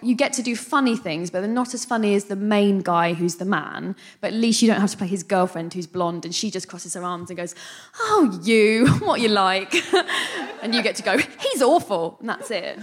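Woman comedian guest, mid-pitched voice, lively storyteller who acts out quotes. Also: a little fast, few pauses. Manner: animated storytelling with acted-out quotes. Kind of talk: live comedy podcast chat.

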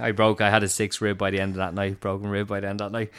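A young man with an Irish accent chats about a mishap, his slightly low voice smooth and clear. He tells it with animated energy, swearing and breaking into laughs as he goes. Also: rapid-fire. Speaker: guest telling a story. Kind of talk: casual chat.

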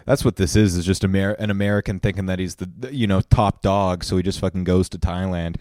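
A man's voice: deep voice, steady tone, quick pace, darkish tone, no room sound, studio quality. A young man co-hosting a casual comedy podcast, laughing often and swearing freely. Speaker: podcast co-host.

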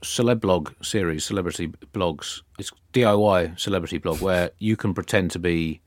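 A man guesting on a comedy news podcast, telling absurd made-up stories in a deadpan, rambling way. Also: low voice, moderate pace, no room sound, studio quality. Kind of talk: deadpan satirical comedy chat.

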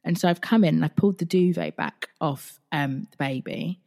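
A woman's voice: sits low, moderate pace, vocal fry, darkish tone. A woman podcast host, candidly retelling a personal dream in a chatty, casual way with some swearing. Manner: recounts a dream in the present tense.

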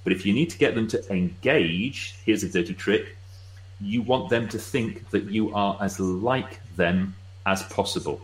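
Deep-voiced British man explaining. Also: low-quality recording. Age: middle-aged. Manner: brisk and wry, with acted-out asides. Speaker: guest expert on presenting. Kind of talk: casual explanatory chat.

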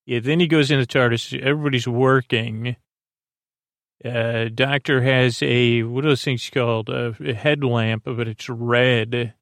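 Brief: male podcast host, gravelly low-mid voice, loose rambling recap, dry close sound. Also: fairly even intonation, unhurried, fairly bright tone, no room sound. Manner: rambling, many fillers and self-corrections. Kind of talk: casual episode recap.

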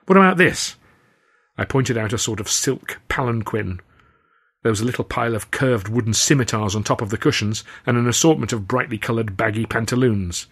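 A man reading his own novel aloud, with measured, wry storytelling. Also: fairly low pitch, fairly even intonation, slightly rough. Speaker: author and reader.

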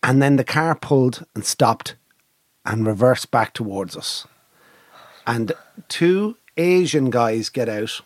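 A middle-aged Irish man telling a pub story in casual chat, animated and swearing freely. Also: medium pitch, slow pace, no room sound.

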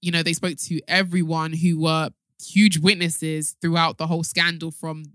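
A young woman hosting a casual podcast chat, animated and laughing often. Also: low voice, normal speed, no room sound, studio quality. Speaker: podcast host.

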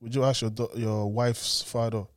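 A man's voice: mid-range voice, level tone, normal speed. A young man, co-hosting a casual podcast chat, teasing and laughing often. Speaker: podcast co-host.

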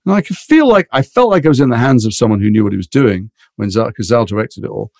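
A middle-aged actor telling animated anecdotes in an interview, acting out other people's voices. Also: male voice, lowish voice, quick pace, dry recording, clean studio sound. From England. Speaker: actor guest.

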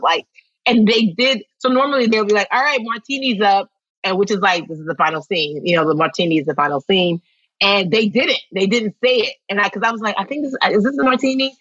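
A woman guest in an interview, telling stories in a lively way, acting out what people said and laughing often. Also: mid-range voice, brisk, no echo, highs cut off. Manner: animated storytelling, acts out quotes, laughs often. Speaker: actress guest. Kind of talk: casual interview chat.

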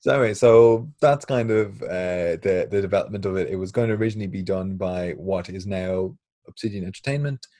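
Chatty Irish man, husky, low-voiced. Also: fairly quick, warm tone, dry recording. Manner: chatty, laughs often, swears lightly. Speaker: podcast co-host. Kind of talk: casual chat.

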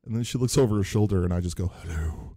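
A man chatting casually on a podcast and telling an animated story, acting out the people in it. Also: on the low side, rapid-fire, dry recording, studio quality. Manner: animated storyteller, acts out quoted voices.

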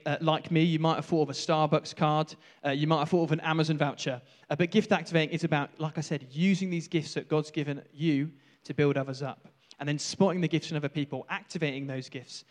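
A man preaching a sermon in a church, jokey and self-deprecating. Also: fairly high pitch. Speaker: pastor. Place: church hall. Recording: echoey hall from far off.

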